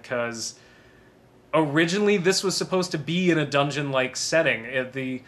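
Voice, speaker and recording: A man talking through a DVD commentary in a casual, rambling way. He laughs often and is quick to run himself down. His voice is bright and forward, at a middle pitch. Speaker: film commentator.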